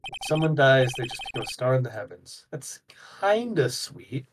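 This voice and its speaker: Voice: mid-range voice, very animated, moderate pace, background noise. Teasing, laughing let's play co-host. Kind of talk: casual chat over a game. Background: game music.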